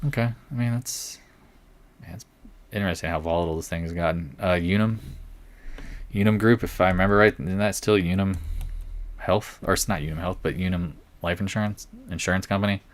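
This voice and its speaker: A man's voice: low-pitched, moderate pace, long pauses. A man hosting a live market stream, thinking aloud in a wry, blunt way as he reads through earnings.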